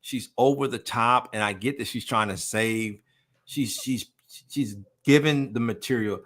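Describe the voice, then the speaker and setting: A man's voice: medium pitch, measured pace, a bit bright. A man hosting a casual podcast chat, ranting emphatically with a lot of swearing. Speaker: podcast host.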